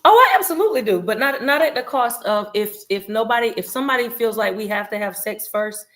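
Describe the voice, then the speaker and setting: A woman in her forties talks on a podcast in a bright, forceful voice that sits a little high. She is candid and emphatic, and at times she sounds like she is preaching. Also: expressive, fast. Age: 40s. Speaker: podcast co-host. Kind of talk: casual podcast chat.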